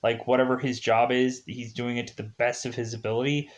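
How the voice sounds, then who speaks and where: A man talks through a film review in a loose, chatty way. He circles back on himself, leans on filler words, and jumps his pitch up when something excites him. His voice sits at an ordinary middle height for a man. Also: brisk. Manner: rambling, filler-heavy, animated. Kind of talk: casual spoken movie review.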